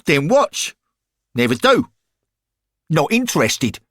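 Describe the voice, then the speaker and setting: A brash, boastful young football hooligan ghost blares his lines in a loud, raised voice, as a male narrator puts him on. He sounds cocky and eager for a fight. The recording is close and dry. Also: a little high, very animated, takes it slowly, no room sound, pitched above the performer's own voice, full character voice.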